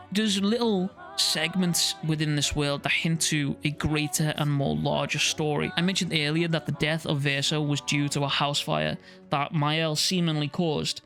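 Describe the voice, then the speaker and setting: Young man, scripted game review narration, higher-pitched, casual swearing, faint music behind. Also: steady tone, moderate pace, vocal fry, fairly bright tone. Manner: casual, profane asides. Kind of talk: scripted video essay narration.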